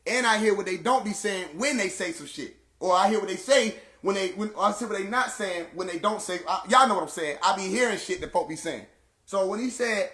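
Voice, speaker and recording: High-pitched aave guy ranting to his viewers, heated, lots of emphasis, roomy echo. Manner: animated, heated and emphatic, with vernacular slang. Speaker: speaker addressing viewers. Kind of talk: casual storytelling rant.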